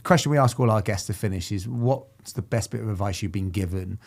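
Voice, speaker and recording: A man hosts a sports podcast, asking questions, closing the interview and recapping results in an upbeat, brisk way. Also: fairly low pitch, vocal fry, darkish tone. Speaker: podcast host.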